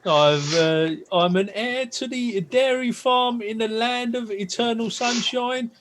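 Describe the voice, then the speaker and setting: A man's voice: extremely high pitch, slow, fairly bright tone, slight background noise. A man playing a tabletop game in character, jolly and a bit pompous, often stammering. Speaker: player.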